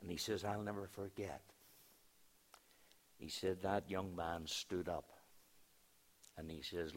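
Male pastor, sermon delivery, unhurried and low-pitched, storyteller who hushes and swells. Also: steady tone. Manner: storytelling, dropping to hushed tones then rising for emphasis.

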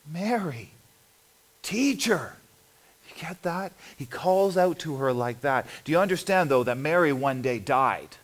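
A male pastor preaching an earnest funeral sermon, often dropping to soft, hushed phrases and at times crying out in a high voice. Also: lively intonation, moderate pace, few pauses. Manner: earnest, drops to soft low tones, sudden high cries.

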